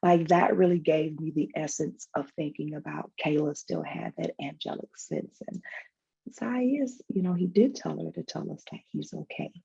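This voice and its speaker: A woman with a husky, gravelly voice and a mellow, dark tone tells a personal story in a panel conversation. She speaks emotionally and reflectively, pausing and restarting often. The sound comes through a dull, lo-fi video call. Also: low voice. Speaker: guest, foundation founder.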